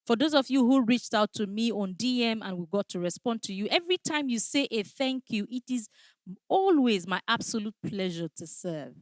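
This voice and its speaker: A woman's voice: fairly high pitch, lively intonation, moderate pace, no echo. Emphatic woman trainer, dry close sound. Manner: emphatic, repeats key phrases, checks in with "all right?". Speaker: customer service trainer. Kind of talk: training lecture.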